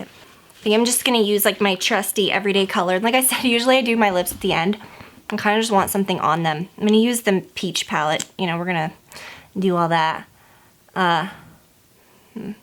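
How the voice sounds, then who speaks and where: A beauty vlogger chats directly to the camera as she applies her makeup, gossiping in a loose, meandering way. Her voice is mid-pitched and slightly bright, and nearly every sentence is peppered with "like" and "you know."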